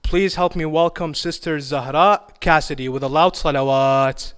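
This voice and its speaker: A man's voice: a little high, fairly even intonation, normal speed, fairly bright tone, a little hiss or hum. A man emceeing a religious poetry evening, making formal, courteous introductions. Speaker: event emcee. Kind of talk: religious event hosting.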